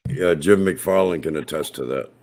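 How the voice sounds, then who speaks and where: Deep-voiced male co-host, quick affirming chime-ins. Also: a little mellow. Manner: chiming in with brief affirmations. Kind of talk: live show chat.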